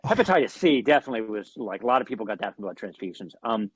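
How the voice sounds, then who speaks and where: A man's voice: on the low side, big pitch swings, racing, slightly rough, dry recording, poor audio. A man telling a long, rambling story in a casual interview, swearing and restarting often. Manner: rambling, profane, frequent fillers and restarts. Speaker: guest musician.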